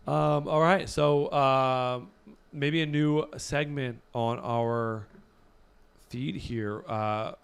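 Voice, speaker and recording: A man's voice: medium pitch, steady tone, takes it slowly, gravelly, clear, resonant tone. A young man co-hosting a podcast, chatting casually about styling clients in a laid-back, rambling way with lots of fillers. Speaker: podcast co-host and celebrity stylist. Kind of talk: casual chat.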